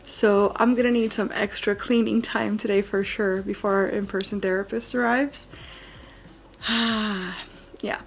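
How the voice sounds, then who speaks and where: A woman in her thirties from the United States talks straight to camera at home in a loose, rambling daily vlog. She sounds worn out and sleepy, yawning between thoughts and leaning on fillers as she chats. Her voice sits at an ordinary middle pitch. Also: steady tone, moderate pace, gravelly, hardly any pauses. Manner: chatty, rambling, frequent fillers. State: tired, yawning. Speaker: vlogger. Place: at home, indoors.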